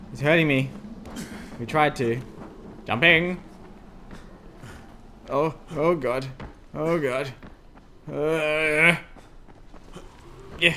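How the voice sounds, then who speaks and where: A man's voice: a little high, extremely slow, pauses often, a little hiss or hum. A man commentating a horror game demo as he plays, easily startled and yelping "oh no" and "oh god" at every scare. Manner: excitable, yelps and squeals when scared. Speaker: gameplay commentator. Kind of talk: let's play commentary. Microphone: desk USB microphone.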